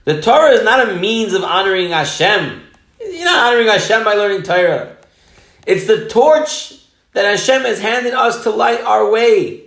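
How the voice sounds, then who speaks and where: A man's voice: high voice, expressive, normal speed, gravelly, a bit bright. A man preaching as a rabbi, emphatic, telling a story and mixing in Hebrew and Yiddish terms. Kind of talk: sermon with storytelling. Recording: roomy echo.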